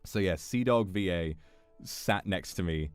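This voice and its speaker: A young British man with a fairly low voice tells a story in an easy, chatty way, swearing freely and breaking into laughter. Faint music plays behind him. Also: a little slow, clean tone, no echo. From Britain. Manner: swearing, laughing often, animated retelling. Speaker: streamer. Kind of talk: casual storytelling chat.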